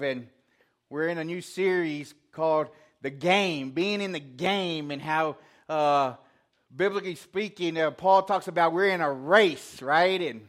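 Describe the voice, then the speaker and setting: A man's voice: on the high side, a bit bright. A man preaching a casual, conversational sermon, telling a self-deprecating story with quoted asides. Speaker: pastor.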